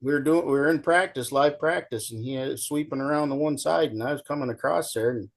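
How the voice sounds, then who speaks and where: A man's voice: on the high side, brisk, gravelly. A middle-aged man telling folksy stories in casual chat as a show guest, acting out the people in them. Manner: folksy, animated storyteller, acts out shouting coach.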